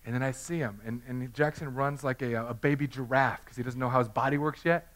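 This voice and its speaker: A man's voice: medium pitch, fairly even intonation, brisk, hardly any pauses, fairly bright tone. A man in his thirties preaching a sermon in a conversational, self-deprecating way, telling personal stories. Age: 30s. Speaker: pastor.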